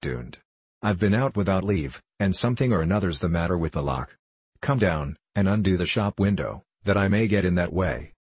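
Swaggering young apprentice, pleading and pompous, deep husky voice, as a reader does him. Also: male voice, expressive, moderate pace, darkish tone, dry recording. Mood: urgent.

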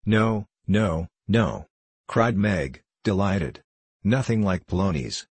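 A man's voice: low voice, animated, moderate pace, breathy edge, dry recording. A man reading a playful young daughter. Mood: delighted. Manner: gleeful, teasing. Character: bright, loving young woman, playful daughter.

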